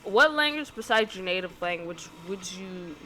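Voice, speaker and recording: Lively, rambling young woman. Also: mid-range voice, moderate pace. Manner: rambling, hesitant, lots of ums and likes. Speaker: vlogger answering a question tag. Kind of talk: casual chat, reading questions aloud and answering. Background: background music.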